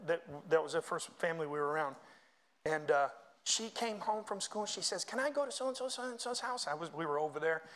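Male pastor, high-pitched, preaching a sermon; swells on scripture, chats with the congregation between readings. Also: fairly bright tone. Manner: conversational asides to the congregation.

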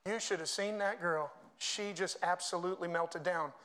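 A man's voice: sits high, normal speed. A man preaching a sermon as pastor. He reads scripture with rising force and talks to the congregation in conversational asides. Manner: preaching, swelling louder when reading scripture.

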